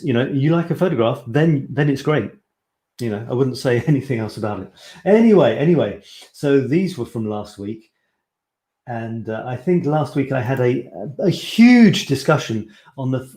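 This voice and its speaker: A man's voice: medium pitch, a little mellow, echoey room. A man hosting a casual live stream as a photography coach, talking in a rambling, chatty way and often correcting himself.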